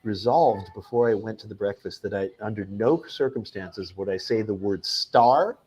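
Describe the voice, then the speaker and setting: A man's voice: on the low side, moderate pace, husky, highs cut off. A man, a film director guest in an interview, telling anecdotes animatedly, acting out what people said and often restarting his sentences. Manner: animated, acts out quoted people, frequent restarts.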